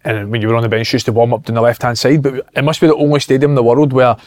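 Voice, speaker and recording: A man from Glasgow with a Glaswegian accent, hosting a podcast and telling lively, sweary stories. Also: mid-range voice, racing. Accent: Glaswegian Scottish. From Glasgow, Scotland. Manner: animated, swearing storyteller. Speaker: podcast host. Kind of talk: casual podcast chat.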